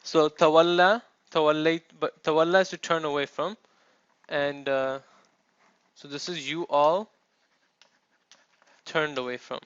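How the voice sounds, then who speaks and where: A man's voice: a little high, fairly even intonation, unhurried, long pauses, a bit bright, clean tone, no room sound. Man teaching a class, dull dry recording. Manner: explains step by step, checks with "okay?" and "right?". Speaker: Arabic teacher. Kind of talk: classroom lecture.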